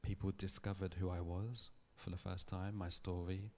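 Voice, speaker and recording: Low gravelly man giving a lecture. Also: little pitch movement, darkish tone. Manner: thoughtful, measured storytelling with restarts. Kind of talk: public lecture. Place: lecture hall.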